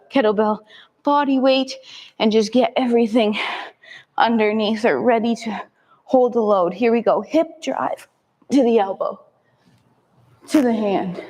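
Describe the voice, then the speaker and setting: A woman fitness instructor calmly cueing a kettlebell workout with short step-by-step commands, breathing hard between sets. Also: fairly high pitch, normal speed, pauses often.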